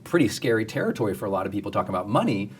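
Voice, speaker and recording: Male host interviewer; brisk and affirming, summing up his guest, faint noise underneath. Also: on the low side, big pitch swings. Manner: affirming, sums up the guest's points. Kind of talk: conversational interview.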